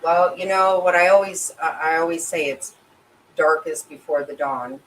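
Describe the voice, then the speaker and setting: Recorded roughly from far away in an echoey room, a middle-aged woman with a low, steady voice speaks at a moderate pace. Hosting a casual livestream and reading chat, she answers viewers in an emotional, sympathetic ramble full of restarts. Faint ambient noise sits beneath her voice, which is a little away from the mic.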